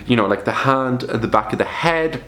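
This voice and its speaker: A man's voice: mid-range voice, moderate pace, fairly bright tone. A young man chatting casually to camera, rambling and swearing freely as he talks about old horror films. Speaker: video creator reviewing films. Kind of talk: casual vlog commentary.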